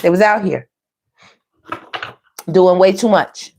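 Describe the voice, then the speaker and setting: A woman's voice: lowish voice, takes it slowly, warm tone, a little hiss or hum. A woman doing a casual online tarot reading, chatty and playful, who laughs often and talks straight to her viewers. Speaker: tarot reader.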